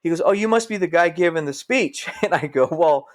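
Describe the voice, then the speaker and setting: A middle-aged man, a firefighter guesting on a podcast, speaks fairly quickly in a slightly high voice. In his casual storytelling he's animated, acting out what different people said.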